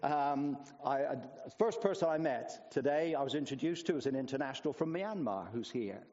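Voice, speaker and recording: A man's voice: medium pitch, lively intonation, normal speed, warm tone. A man in his sixties with a mixed international, partly American accent, a retired pastor giving a chatty, hesitant sermon. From Bolivia. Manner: chatty, hesitant with many fillers. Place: church hall. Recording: dull sound, long church reverb.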